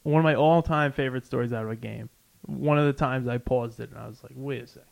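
A man's voice: medium pitch, creaky. A man hosting a game-trivia quiz on a casual podcast, running the bets and reading out a quote. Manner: hosts a betting quiz, reads a quote aloud slowly. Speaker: quiz host.

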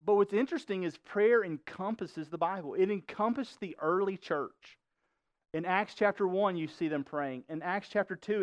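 A man's voice: sits high, no room sound. A man preaching a sermon as pastor, emphatic, often asking the congregation questions. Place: church.

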